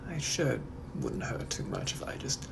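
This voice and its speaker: A man voicing a suave, menacing 1800s British gentleman with a British accent, who drawls and flirts in a breathy, often whispered voice for comedic POV role-play. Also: moderate pace, noisy background, lightly acted. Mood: teasing menace. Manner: flirtatious and softly threatening, drawling.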